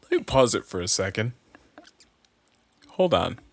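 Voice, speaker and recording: A man's voice: on the low side, very animated, measured pace, no room sound. A man co-hosting a podcast in casual chat, laid-back and speculative, swearing now and then. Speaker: podcast co-host.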